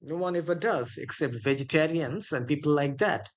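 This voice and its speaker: A man reading aloud the lines of a languid, flippant young gentleman in a plain voice. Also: on the high side, moderate pace, dull audio, natural voice. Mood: airy, flippant. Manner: plain read-aloud delivery, little voicing.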